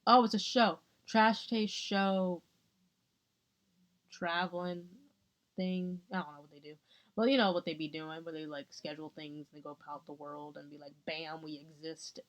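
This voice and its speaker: A woman's voice: on the low side, normal speed. A young woman vlogging, telling a rambling story casually, often losing her thread. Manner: rambling, giggly, self-interrupting. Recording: dull lo-fi sound.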